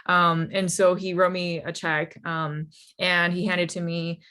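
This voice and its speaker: Young woman telling a startup story, kinda low voice, lots of "like" and "you know". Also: unhurried. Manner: animated, laughs often, many fillers like "you know" and "like". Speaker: startup founder speaker. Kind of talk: storytelling talk.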